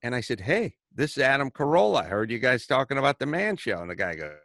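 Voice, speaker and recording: A middle-aged man hosting a talk show, telling stories in a casual, animated way, acting out the people he quotes and swearing freely. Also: medium pitch, fast, gravelly, dry recording, clean studio sound. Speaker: podcast host. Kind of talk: casual storytelling chat.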